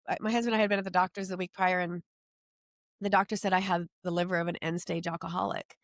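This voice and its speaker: A middle-aged woman telling her personal story as an interview guest, earnest and emotional, halting at times with restarts. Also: fairly low pitch, fairly even intonation, a bit bright, dry recording, studio quality.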